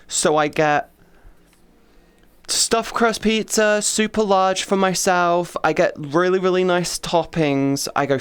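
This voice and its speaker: A woman streamer in casual chat who rants loudly and swears constantly. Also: fairly low pitch, takes it slowly, clear, resonant tone. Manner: loud, profane, ranting. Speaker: VTuber streamer.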